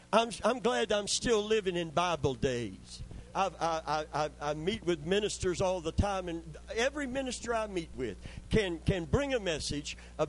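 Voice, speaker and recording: Male preacher, sermon, high-pitched, fervent call-and-response. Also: a little hiss or hum, low-quality recording.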